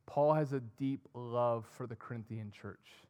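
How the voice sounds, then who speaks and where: A young man preaching a sermon, earnest, swinging between emphatic and soft. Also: medium pitch, measured pace, smooth, lo-fi sound. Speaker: pastor.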